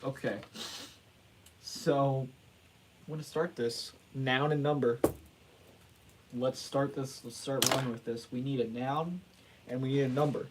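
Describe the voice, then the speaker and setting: A man's voice: mid-range voice, fairly even intonation, measured pace, pauses often, background noise. A man hosting a casual livestream, rambling and joking at his own expense, laughing and restarting often. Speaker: livestream host.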